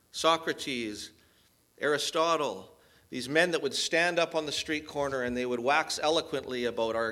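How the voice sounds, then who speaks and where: A man's voice: on the high side, a bit bright. A man preaching an expository sermon as pastor, earnest and emphatic, with rhetorical questions.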